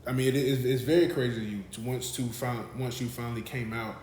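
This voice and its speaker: A man's voice: medium pitch, fairly even intonation, a little fast, darkish tone. A man hosting a podcast, asking rambling, searching questions. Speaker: podcast host. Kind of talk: casual interview questions. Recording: roomy podcast audio with faint hiss.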